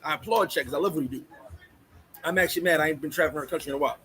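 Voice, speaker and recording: A man's voice: on the high side, very fast, fairly bright tone, breathy edge, low-quality recording. A man hosting a casual livestream, ranting bluntly and sarcastically, shifting into chatting with viewers. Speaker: livestream host. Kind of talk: casual live-stream rant.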